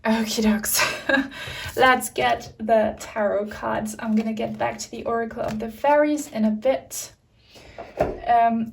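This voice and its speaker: A woman's voice: a little high, creaky, a little hiss or hum. A woman giving a pick-a-card tarot reading, talking in an emotional, reassuring way with many fillers. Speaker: tarot reader.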